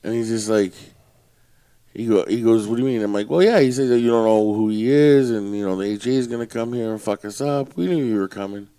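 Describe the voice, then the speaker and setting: A man's voice: lowish voice, fairly quick, dark tone, clear, resonant tone. A man and former bouncer telling blunt, profane stories in casual podcast chat. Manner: blunt, profane, tells tough-guy stories.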